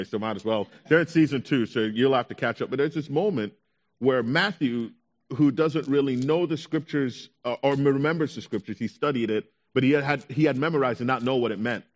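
A young adult male pastor with a medium-pitched voice shares his own testimony in a sermon. His delivery is animated, and he acts out his anxious thoughts as quotes.

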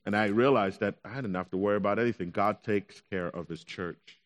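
A young adult man, a pastor, telling his own story in a sermon with animated delivery, acting out his anxious thoughts in quotes. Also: lowish voice, fairly quick, lo-fi sound. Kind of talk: sermon testimony.

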